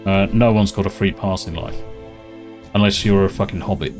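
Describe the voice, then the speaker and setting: A man's voice: low-pitched, steady tone, brisk, darkish tone, soft background music. A British man streaming a game, ranting and swearing freely in casual chat. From Britain. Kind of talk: casual live-stream chat while gaming.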